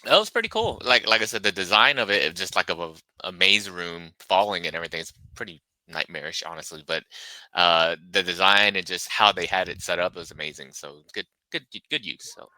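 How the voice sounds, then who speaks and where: A man who is a podcast guest, chatting casually and relaxed, with some hesitant restarts. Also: low-pitched, a little fast, no room sound, rough recording.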